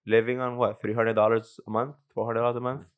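A man's voice: medium pitch, flat delivery, quick pace, clean tone. A young man co-hosting a casual podcast, telling stories in a rambling way full of fillers. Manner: rambling, filler-heavy storytelling. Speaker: podcast co-host. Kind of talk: casual chat.

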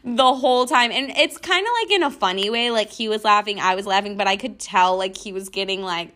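A woman's voice: fairly high pitch, moderate pace, fairly bright tone. A young woman hosting a podcast, casually telling a personal story to listeners, full of "like" and mocking retellings. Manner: chatty, frequent "like", mocking retellings. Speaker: podcast host.

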